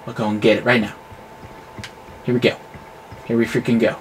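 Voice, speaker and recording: A man giving live commentary over his own gameplay, excitable and yelling at the game, with clean substitute swears. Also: medium pitch, brisk, a little hiss or hum. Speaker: gamer.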